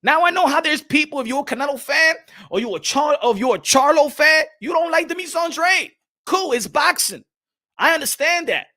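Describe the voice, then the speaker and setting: Hosting a boxing live stream, a man launches into a heated, profanity-laced rant in a very high, bright, forceful voice with lively intonation and a slightly quick pace. He keeps stopping to greet chat viewers by name, stumbling and repeating words as he goes.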